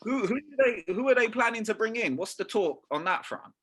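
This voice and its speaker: A man's voice: high voice, animated, a little fast, fairly bright tone, slightly rough. A young man, talking football in a casual podcast chat, full of slang and swearing. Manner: slangy, swearing, keeps saying "bruv". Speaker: podcast co-host.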